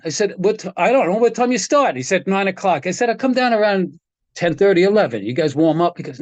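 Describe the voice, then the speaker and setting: A man's voice: high-pitched, expressive, fast, no room sound. An older man, a guitar technician, telling rambling stories in casual chat, often chuckling and restarting his sentences.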